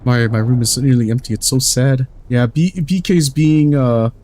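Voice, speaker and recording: A man's voice: medium pitch, normal speed, warm tone. A man streaming a game, chatting casually in a rambling, jokey way and swearing freely.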